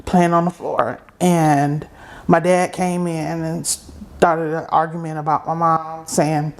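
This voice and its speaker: Middle-aged woman guest, low-leaning voice, halting testimony with pauses. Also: flat delivery. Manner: halting, unhurried storytelling with pauses. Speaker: interview guest. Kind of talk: personal testimony in conversation.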